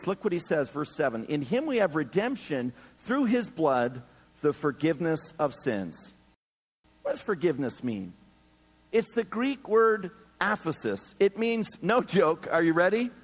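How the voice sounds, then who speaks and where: A man's voice: on the high side, unhurried, slightly rough, in a large hall. A man preaching a sermon as a pastor to a few hundred people, joking and acting out the people in his stories. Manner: animated, joking, acts out quoted people. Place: church hall before a few hundred people.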